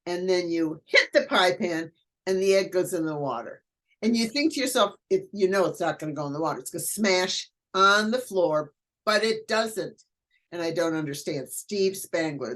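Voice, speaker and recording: An older woman who is a guest educator, chatting casually in an interview and telling animated stories. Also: lowish voice. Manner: animated storyteller, acts out quoted voices.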